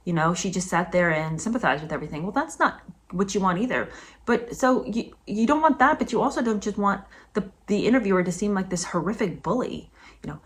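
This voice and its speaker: A woman giving a casual commentary vlog as a book reviewer. She talks emphatically and indignantly, with sudden high-pitched outbursts. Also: animated, a little fast.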